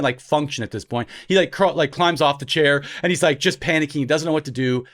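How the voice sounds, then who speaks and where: A man from Canada in his thirties, co-hosting a podcast and telling a story in a casual, animated way, loudly acting out the people he quotes. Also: a little high, brisk, few pauses. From Ontario, Canada. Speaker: podcast co-host.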